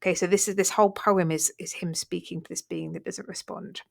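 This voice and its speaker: A woman's voice: fairly low pitch, steady tone, fairly quick, vocal fry. A woman teaching a revision lesson, talking through a poem line by line in a conversational way, with fillers and self-corrections. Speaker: English literature teacher.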